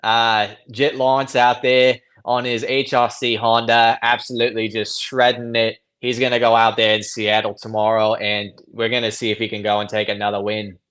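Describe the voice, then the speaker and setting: A man putting on a broad Australian accent to voice an excited male race commentator, in a podcast interview. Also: medium pitch, moderate pace, hardly any pauses, clean tone, close to an everyday voice.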